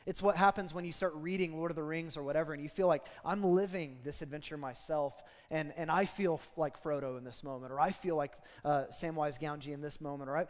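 A man preaching a casual, animated sermon as pastor of a church. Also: fairly high pitch, big-room sound. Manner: conversational, animated storytelling.

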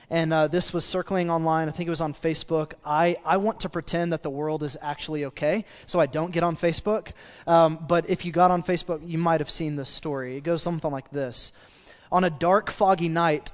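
Male pastor, easygoing sermon delivery, higher voice, long church reverb. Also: smooth. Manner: conversational, with spoken restarts and asides.

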